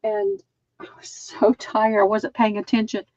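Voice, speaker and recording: A woman's voice: mid-range voice, little pitch movement, a little slow, darkish tone, no room sound, lo-fi sound. A woman hosting a live online sale, chatting as she measures and describes items. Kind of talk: live-streamed sale pitch.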